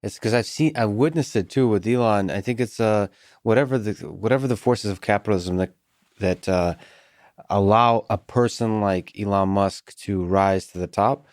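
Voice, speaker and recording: Deep-voiced measured man, dry close mic. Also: a little mellow, no room sound. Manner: measured, thoughtful, halting with fillers. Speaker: podcast host. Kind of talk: casual conversation.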